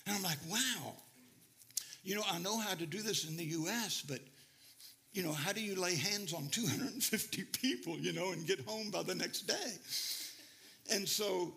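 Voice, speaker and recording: Brief: male preacher, middle-aged, high, ringing voice, lively storytelling sermon. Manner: animated, laughing, rises to near-shouting in stories. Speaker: missionary preacher.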